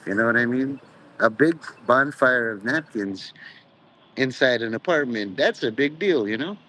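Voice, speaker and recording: A man's voice: mid-range voice, animated, normal speed, sharp tone, poor audio. A man talking in a meandering, profane monologue, full of "you know" and jumping between mock-preachy asides. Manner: mock preachy, drifts into quoted voices. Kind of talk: rambling monologue.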